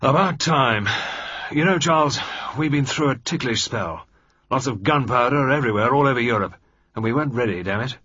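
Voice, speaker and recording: A man's voice: medium pitch, animated, brisk, pushed and bright, breathy edge, dry recording, voice pushed up. A man voicing a bluff, blustering older male air marshal in a read-aloud story, raising his voice for the part. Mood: gruff. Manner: blustering, hearty. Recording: dry, slightly dull recording.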